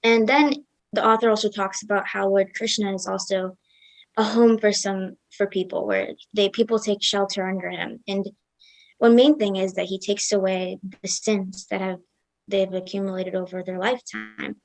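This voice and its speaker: A young woman telling a devotional story at a satsang in a casual, lively way, acting out the characters' lines. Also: mid-range voice, moderate pace, no room sound, poor audio. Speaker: satsang speaker.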